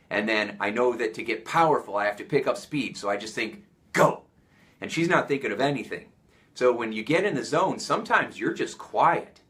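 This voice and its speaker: Energetic American man coaching. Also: medium pitch. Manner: energetic, coaching, asks many questions. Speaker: motivational coach. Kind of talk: motivational talk to camera.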